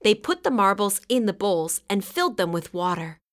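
A woman reading a children's story aloud, gentle and clearly paced. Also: mid-range voice, sing-song, normal speed.

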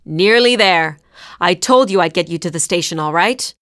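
A woman voicing a calm, wry male driver from India, easygoing and teasing. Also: lowish voice, moderate pace, smooth, no echo, clean studio sound.

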